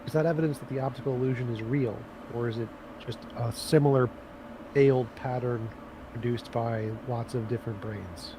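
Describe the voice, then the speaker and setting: A man's voice: mid-range voice, steady tone, moderate pace. A male co-host in a casual debate, arguing with rhetorical questions and everyday examples. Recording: noisy background.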